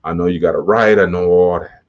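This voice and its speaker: A man's voice: low-pitched, steady tone, fairly quick. A man hosting his own podcast, talking casually and motivationally in slang, often laughing. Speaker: podcast host. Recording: dull muffled podcast audio.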